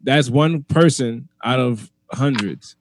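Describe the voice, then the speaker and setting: A man's voice: mid-range voice, takes it slowly, a little hiss or hum. A man, a comedian, talking in a casual chat, arguing his point emphatically and repeating himself as he goes.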